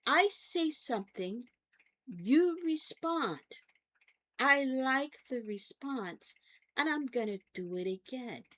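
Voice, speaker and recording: A woman's voice: sits high, lively intonation, takes it slowly, sharp tone. An older woman hosting her own vlog, telling stories in a chatty way and checking in with her listeners as she goes. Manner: chatty storytelling, often checks in with "okay?". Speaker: vlog host and therapist. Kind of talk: casual talk to camera.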